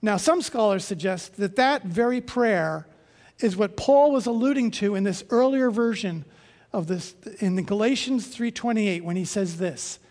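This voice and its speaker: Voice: mid-range voice, normal speed, a little mellow. Emphatic preacher in a reverberant hall. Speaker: pastor. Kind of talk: sermon. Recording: long reverb of a large hall.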